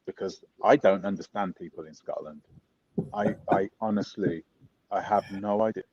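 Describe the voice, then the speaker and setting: A man's voice: deep voice, moderate pace, a little mellow, slightly rough, no echo, dull audio. A man interviewing a guest in a casual chat, asking rambling questions and correcting himself as he goes.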